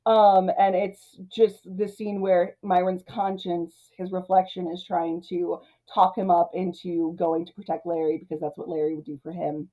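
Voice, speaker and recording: A woman's voice: fairly low pitch, flat delivery, normal speed, few pauses, muffled recording. A woman hosting a movie review, recapping the plot in a chatty way, laughing often and leaning on "like" and "you know.".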